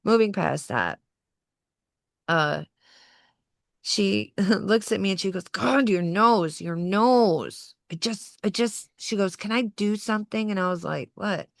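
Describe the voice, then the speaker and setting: A woman in her forties telling a personal story as a podcast guest, animated and acting out the voices of others. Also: medium pitch, unhurried, creaky, long pauses, no room sound, clean studio sound. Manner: animated, acts out quoted voices, laughs through the story. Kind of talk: personal storytelling in casual conversation.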